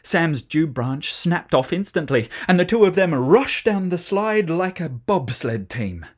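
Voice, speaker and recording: A children's story is read aloud by a storyteller whose delivery is expressive and animated, at a medium pitch and a measured pace.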